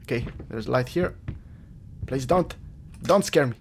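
A man's voice: mid-range voice, unhurried, darkish tone. A man giving casual, jokey commentary while playing a horror game, rambling and talking back at the game. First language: Croatian. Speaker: let's play gamer. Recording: game music behind.

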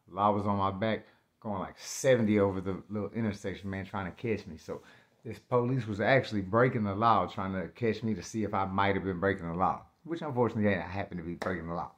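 A man's voice: on the low side, brisk. Slangy man telling a wild story. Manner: animated, slangy, acts out scenes with loud outbursts. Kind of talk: casual spoken storytelling.

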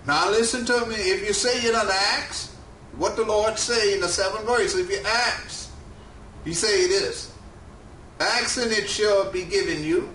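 A high-pitched man preaches a sermon slowly and emphatically, his bright voice rising and falling for weight. The mic sits at a distance in a roomy, echoing space with faint ambience and slight background noise.

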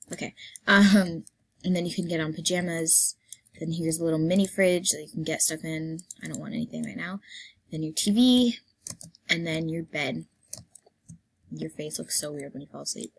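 A woman giving playful, rambling commentary while playing a game, her voice hoarse and she keeps clearing her throat. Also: low voice. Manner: chatty, playful, rambling with fillers. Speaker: gameplay vlogger. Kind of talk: casual gameplay commentary.

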